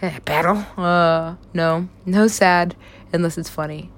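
Giggly young woman, low-pitched voice. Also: fairly even intonation, unhurried. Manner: giggly, laughs often, swears casually. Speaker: writer describing her own stories. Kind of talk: casual rambling chat.

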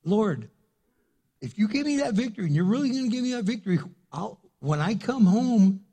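A man doing a frantic, husky old warrior. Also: high voice, animated, mellow, pitched above the performer's own voice, heavily acted. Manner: rushed, pleading bursts. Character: frantic bargaining ancient male warrior.

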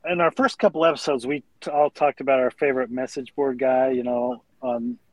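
A man co-hosting a casual podcast, recounting a story in a relaxed way and laughing easily. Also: medium pitch, brisk, gravelly, low-quality recording. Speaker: podcast co-host.

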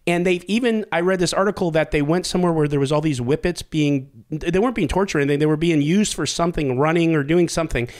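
A man's voice: a little high, quick pace, hardly any pauses. A man hosting a podcast, telling a story in casual chat with lots of swearing and laughter. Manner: animated, swearing, laughs at his own story. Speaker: podcast host.

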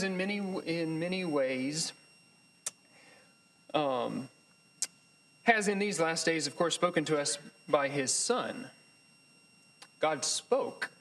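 A man teaching a Bible class in a thoughtful, halting way, with many pauses, fillers and restarts. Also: sits high, fairly bright tone, slight background noise, low-quality recording. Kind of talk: lecture.

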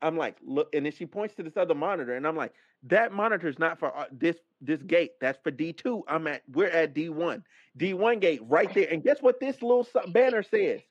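High-voiced man ranting with profane gusto. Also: fairly quick, few pauses, no echo. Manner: animated, profane, acts out quoted dialogue. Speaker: podcast host. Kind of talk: casual storytelling rant. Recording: dull, dry lo-fi mic sound.

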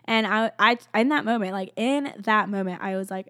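A woman's voice: medium pitch, moderate pace, fairly bright tone, dry recording. A young woman, a college student, sharing a personal faith testimony in casual speech. She is earnest and heartfelt, often near tears, and says "like" constantly. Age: young adult. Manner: emotional, close to tears at times.

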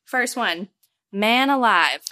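A woman with a bright, forceful voice co-hosts a casual podcast. She is not from the American South, and she reads items aloud with playful emphasis. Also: fairly high pitch, expressive, takes it slowly. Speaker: podcast co-host. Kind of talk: casual chat.

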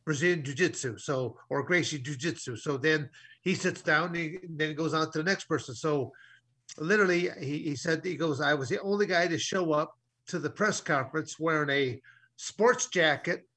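A man's voice: on the high side, normal speed, pushed and bright, breathy edge. A man co-hosting a talk show, telling a long story in a rambling way with many restarts. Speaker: co-host. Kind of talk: casual storytelling.

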